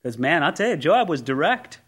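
A man preaching an expository sermon, moving between loud, impassioned exclamation and quiet, intense passages. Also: on the high side, big pitch swings, normal speed, breathy edge.

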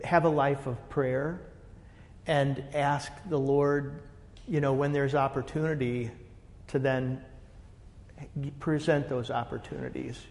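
A man, a pastor, telling a story in casual group talk, rambling and animated with lots of "you know". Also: medium pitch, takes it slowly, gravelly, long pauses, long reverb tail. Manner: animated, rambling, many fillers.

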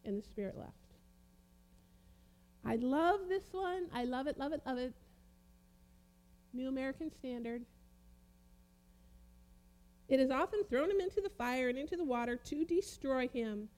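A woman with a high voice preaching with strong emphasis. She reads scripture from several translations, slows down on key words and lets her voice swell and drop. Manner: emphatic, rising and falling, dramatic pauses. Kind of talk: sermon, reading and comparing Bible translations.

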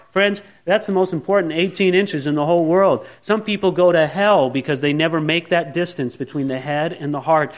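Man, middle-aged pastor, high voice; earnest sermon delivery, shifts from hushed to pleading. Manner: earnest, swings between quiet asides and raised pleading.

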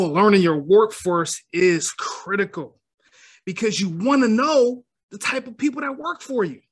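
A man who is a guest on a podcast, speaking as a motivational speaker in a calm, measured, explanatory way and often checking in with "right?". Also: sits high. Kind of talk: podcast interview.

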